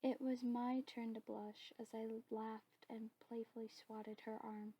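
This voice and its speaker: A woman narrating her own story in a soft, steady whispered role-play. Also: fairly high pitch, measured pace, breathy edge, no echo, dull audio.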